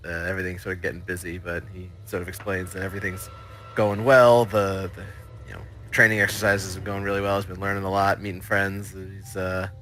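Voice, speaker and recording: A man's voice: low voice, little pitch movement, brisk, fairly bright tone, soft background music. A man as a player in a tabletop game, describing his character's actions casually. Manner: casual, hesitant.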